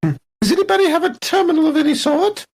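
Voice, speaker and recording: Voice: extremely high pitch, expressive, fast talker, a little mellow, low-quality recording. A player voicing a wry, curious crew member.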